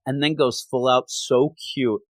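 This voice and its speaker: A man's voice: medium pitch, steady tone, a little slow, dry recording. A man hosting a manga review podcast in casual chat. He talks with animation and often slips into quoting characters.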